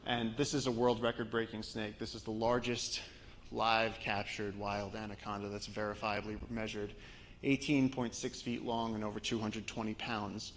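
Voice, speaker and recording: A man from Brooklyn, an expedition guide, telling a lively story to a live audience with slides. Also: fairly low pitch, normal speed, slight background noise. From Brooklyn, New York. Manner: animated storyteller, voice rising as the story builds. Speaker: expedition guide giving a talk.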